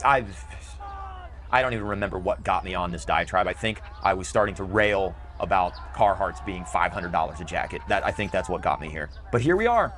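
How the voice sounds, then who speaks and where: A man's voice: sits low, animated, brisk, fairly bright tone, a little hiss or hum. A middle-aged man delivering an emotional, bitter ranting monologue in a video. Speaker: video commentator.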